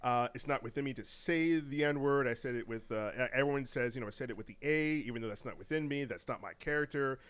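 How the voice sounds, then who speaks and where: A man co-hosting a gaming news podcast in casual, animated chat, laughing often, repeating words and using slang. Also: mid-range voice, fast talker, hardly any pauses, clean tone. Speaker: podcast co-host.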